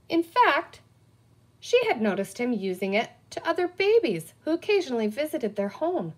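A woman's voice: on the high side, moderate pace. A woman reading a children's book aloud, telling it expressively. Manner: expressive storytelling. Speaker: reader.

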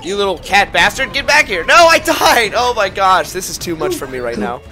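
A man hosting a multiplayer let's play, excitable and loudly protesting at his teammates. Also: high voice, fairly quick. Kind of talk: multiplayer gaming banter. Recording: game music behind.

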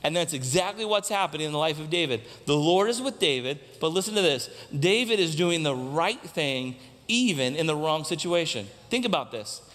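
A man with a fairly high voice delivers a sermon from the pulpit. He asks the congregation questions and repeats his main points for emphasis. His voice carries a long hall reverb from the church sanctuary. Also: lively intonation, moderate pace, few pauses, a bit bright. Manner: preaching with rhetorical questions to the congregation; repeats key lines for emphasis. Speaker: pastor.

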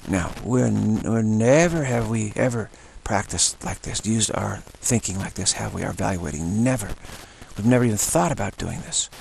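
A man leading a spoken meditation practice, repeating the same word again and again between short phrases in an unhurried, musing way. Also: lowish voice, creaky, darkish tone, a little hiss or hum. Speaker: meditation teacher.

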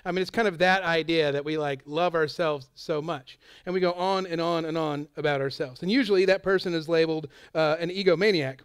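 A man preaching a sermon in a relaxed, conversational way, full of asides and quick quoted voices. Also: fairly high pitch, smooth, no room sound, studio quality. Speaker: pastor.

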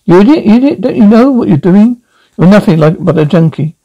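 Man as an agitated young accuser, gravelly, slightly high. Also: animated, fairly quick, dark tone, lo-fi sound. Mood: angry. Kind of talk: radio drama acting.

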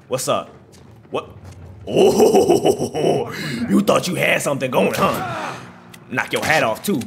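A man reacting live as he plays through a game, heckling enemies in slangy talk. His voice sits on the higher side and leaps all over in pitch. Faint music plays underneath. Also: unhurried, vocal fry. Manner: animated, slangy, trash-talks enemies. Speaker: gaming channel host.

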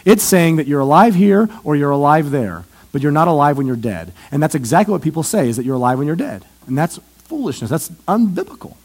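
A male pastor preaching a sermon in a church, animated and often questioning the audience. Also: fairly high pitch, a little fast, hardly any pauses, breathy edge.

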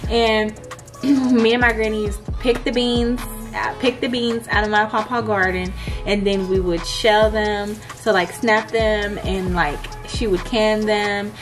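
A woman's voice: mid-range voice, fairly even intonation, measured pace, music in the background. A woman chatting casually to her viewers in a home kitchen while she cooks, filming on a handheld camera. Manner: chatty, laid-back, keeps addressing viewers. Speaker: vlogger talking to viewers. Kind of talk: casual vlog chat.

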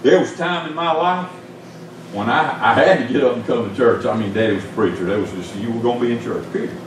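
An older man with a Southern US accent preaching a sermon, telling stories in a folksy way with big swings in pitch. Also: fast talker, slight background noise. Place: church sanctuary. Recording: echoey church from far off.

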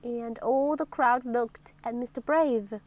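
A woman reading a children's storybook aloud in an expressive, playful way. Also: fairly high pitch, slow. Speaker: story reader.

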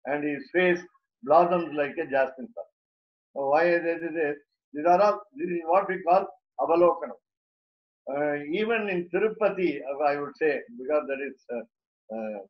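A man giving a scripture lecture, explaining Sanskrit terms word by word with fillers and restarts. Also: a little high. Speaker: religious teacher. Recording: muffled lo-fi recording.

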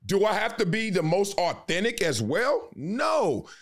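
A man talks as a podcast guest in a relaxed, slangy way, leaning hard on his points. His voice sits fairly high for a man and swings widely in pitch. He keeps the emphasis coming in a loose, animated delivery. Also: measured pace. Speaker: podcast guest, sports commentator. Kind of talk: casual interview talk.

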